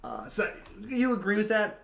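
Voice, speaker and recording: Man, thirties, live-stream host, lively swooping pitch, restarts and fillers, echoey room. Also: normal speed, gravelly. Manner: animated, trailing restarts and fillers. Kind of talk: casual live-stream chat.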